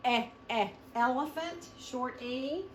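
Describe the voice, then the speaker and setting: A woman teaching a phonics lesson, sounding out each word slowly syllable by syllable and encouraging her young students. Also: sits high. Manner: slow, sounding out words syllable by syllable. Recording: echoey room, mic far off, noisy.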